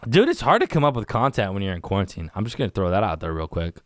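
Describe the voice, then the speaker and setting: A man's voice: lowish voice, big pitch swings, very fast, no echo. A man hosting a casual solo podcast from a small studio, rambling in a laid-back way and saying dude and man constantly. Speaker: podcast host. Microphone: studio microphone on camera.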